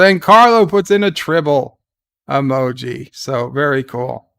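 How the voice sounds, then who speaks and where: Slow-talking man hosting a live stream. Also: medium pitch, big pitch swings, vocal fry, fairly bright tone. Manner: rambling, with many restarts and fillers. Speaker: host of a live reaction stream. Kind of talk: casual live commentary, retelling scenes.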